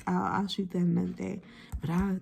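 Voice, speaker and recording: Earnest gravelly woman in her fifties. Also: on the low side, flat delivery, a little fast, dark tone. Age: 50s. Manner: earnest, heartfelt, drifts between talking and whispering. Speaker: vlogger. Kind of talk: emotional motivational vlog. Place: at home late at night.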